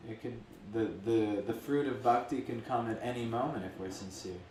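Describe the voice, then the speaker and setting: A man's voice: mid-range voice, moderate pace, darkish tone, slight background noise. A man giving a casual, rambling storytelling talk as a spiritual teacher. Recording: echoey room from a distant mic.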